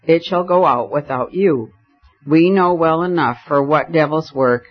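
A man reading aloud and voicing a fierce little doctor who speaks forcefully. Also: fairly high pitch, unhurried. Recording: dull lo-fi audiobook recording.

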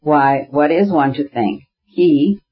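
A man's voice: a little high, takes it slowly, breathy edge, muffled recording. A man reading the part of an older aristocratic mother, matter-of-fact and firm, in an audiobook.

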